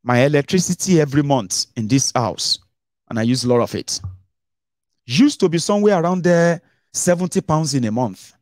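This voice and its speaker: Animated Nigerian man, close dry mic. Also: moderate pace, no echo. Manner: animated, mixes Pidgin into English, dramatic swings in pitch. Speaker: host. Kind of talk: casual political commentary.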